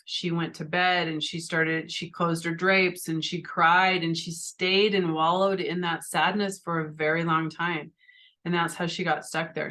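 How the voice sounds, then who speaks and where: A woman's voice: on the low side, sharp tone. A middle-aged woman hosting a podcast, talking earnestly and from the heart, often restarting and asking "right?". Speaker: podcast host. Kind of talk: personal spiritual talk.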